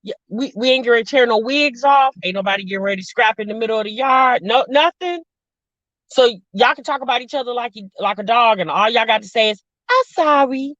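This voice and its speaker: A woman's voice: a little high, a little fast, fairly bright tone, no room sound. A woman hosting a casual chat stream, sassy and talkative. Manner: chatty, sassy, addresses viewers as sis and y'all. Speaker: show host reacting to reality TV. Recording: dull lo-fi dry sound.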